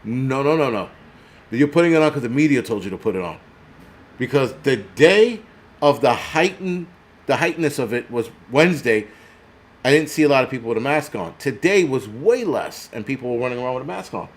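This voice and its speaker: A man's voice: medium pitch, lively intonation, a little fast. An older man, hosting his own channel and ranting with heavy profanity and sarcasm. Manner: profane, sarcastic, mocking voices of others. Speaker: prepper channel host. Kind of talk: angry vlog rant. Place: New York City.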